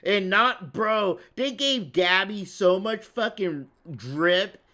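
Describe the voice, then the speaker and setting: A man's voice: sits high, expressive, takes it slowly, bright, forceful tone. A man streaming and giving a crude, profane reaction rant with heavy swearing.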